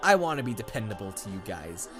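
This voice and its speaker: A man's voice: fairly low pitch, very animated, quick pace. A man hosting a let's play, chatting and joking in a rambling way over his gameplay, on a condenser mic. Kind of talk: game commentary. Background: game music.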